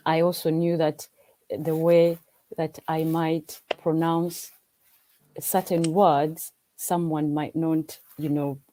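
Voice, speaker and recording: A Ugandan woman with a low-pitched, mellow voice joins a livestream as a guest, chatting earnestly and casually over video call. English isn't her first language, and she often repeats herself as she restarts her sentences. The audio is poor.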